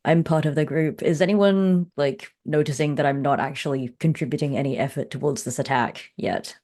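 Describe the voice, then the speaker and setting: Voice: medium pitch, moderate pace, darkish tone. A player in a tabletop game speaking in character, asking short, curious questions.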